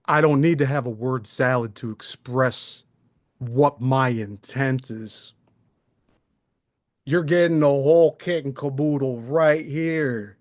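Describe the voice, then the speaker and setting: A man's voice: medium pitch, takes it slowly. A man hosting a live stream, airing his grievances in a sarcastic, aggrieved rant. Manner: aggrieved, sarcastic, mocking impressions.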